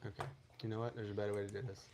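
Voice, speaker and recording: Man, podcast co-host, rapid speech, dry matter-of-fact replies. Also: lowish voice, little pitch movement, noisy background. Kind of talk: casual podcast banter.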